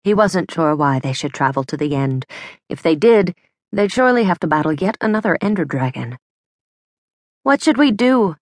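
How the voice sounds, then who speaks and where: A woman narrating a children's adventure audiobook in clear, measured storytelling. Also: low-pitched, animated, no room sound, studio quality. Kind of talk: scripted narration.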